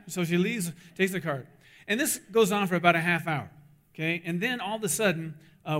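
Animated preacher man telling a story. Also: fairly high pitch. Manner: animated storyteller, acts out voices in dialogue; earnest, urgent appeal to the audience. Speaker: pastor. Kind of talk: sermon with storytelling.

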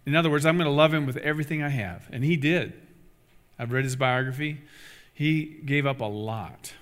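Middle-aged male pastor, earnest exhorting sermon, mid-pitched voice, long church reverb. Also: fairly quick, a bit bright. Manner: earnest, exhorting, repeats key phrases. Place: church sanctuary.

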